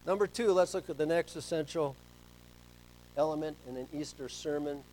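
Middle aged pastor guy preaching, kinda high voice, storyteller, goes soft then loud. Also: normal speed, a little hiss or hum, rough recording. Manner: storytelling, swings between soft asides and loud emphasis. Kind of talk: sermon.

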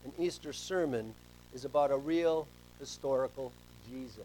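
A middle-aged man preaching a sermon as pastor, telling stories and swinging between soft asides and loud emphasis. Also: mid-range voice, moderate pace, a little hiss or hum, poor audio.

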